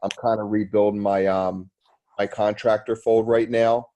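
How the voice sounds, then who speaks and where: Low, even-toned man thinking aloud. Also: measured pace. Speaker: group member and house flipper. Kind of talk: casual group call. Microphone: group call audio.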